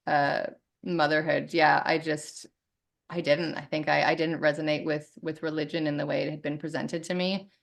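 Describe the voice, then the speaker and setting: A woman's voice: sits low, gravelly. A woman in her thirties, a podcast guest talking candidly and with lots of energy in a casual conversation. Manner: candid, animated, swears freely.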